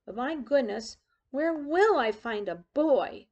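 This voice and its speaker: A woman's voice: sits high, animated, takes it slowly, a little mellow, lo-fi sound, heavily acted. A woman voicing an eager, polite little male puppy in a storybook read-aloud, hopeful and a bit wistful.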